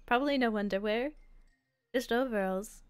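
A woman's voice: fairly high pitch, moderate pace, clean tone, soft background music. A woman streaming a video game, chatting casually and playfully with her viewers. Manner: playful, giggly, chats with viewers. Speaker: virtual streamer.

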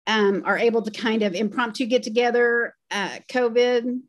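A woman's voice: on the high side, fairly even intonation, moderate pace. A middle-aged woman, a fan guest, casually sharing memories in a reminiscing way on a video call. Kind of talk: casual remembrance chat.

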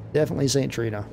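A man giving casual, excitable let's-play commentary, blurting out exclamations as he plays. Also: medium pitch, gravelly. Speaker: gameplay commentator.

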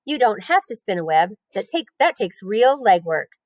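A woman voicing a wise, patient female spider in a read-aloud story, calm and measured as she explains. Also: mid-range voice, no echo, natural voice. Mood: coaching. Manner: calm, measured, gently teaching.

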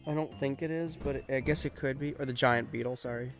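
A young man hosting a let's play, chatting casually and getting quickly frustrated, mocking himself as he goes. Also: medium pitch, fairly even intonation, faint music behind. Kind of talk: casual gameplay commentary.

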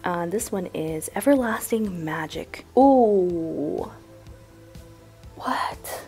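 Young female vlogger, casual unboxing chat, gushing and chatty, mid-range voice. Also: medium pitch. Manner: excitable, gushing, says "like" often.

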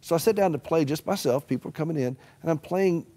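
Man, Southern US accent, middle-aged, quick-paced, folksy storytelling, humorous, gentle when hushed. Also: a little high. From American South. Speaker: author and caregiver advocate. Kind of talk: Christian TV interview guest.

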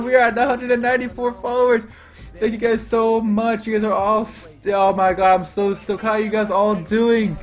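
A man live streaming, chatting excitedly to his viewers, loud and repeating himself as he hypes them up. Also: high voice, a little fast, faint music behind.

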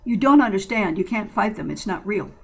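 A woman voicing a calm, smooth male ship captain in his forties who preaches earnestly in a storybook reading. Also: mid-range voice, brisk. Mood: insistent.

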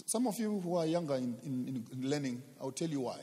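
A man's voice: medium pitch, expressive, a little fast, mellow. Man, preacher, sermon, emphatic, repeats himself, rhetorical questions, long hall reverb.

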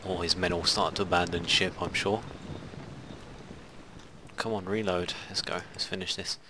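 This man speaks in a deep voice with a steady tone at a moderate pace, over a noisy background. He's a gaming video host giving rambling, casual let's play commentary on a strategy game and muttering asides to himself.

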